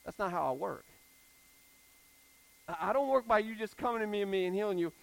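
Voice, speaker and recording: A man voicing a patient male teacher who gently insists on closeness. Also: high-pitched, expressive, brisk, gravelly, dry recording, low-quality recording. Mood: earnest.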